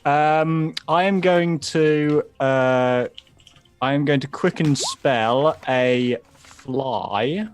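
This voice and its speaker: A man's voice: fairly high pitch, very slow, smooth. A man taking part as a tabletop game player, hesitant and counting out his moves aloud.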